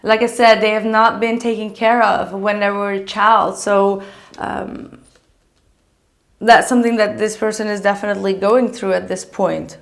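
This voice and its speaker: A woman's voice: medium pitch, level tone, moderate pace, vocal fry. A woman giving a casual tarot reading, chatty and gushing, with many fillers. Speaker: tarot reader.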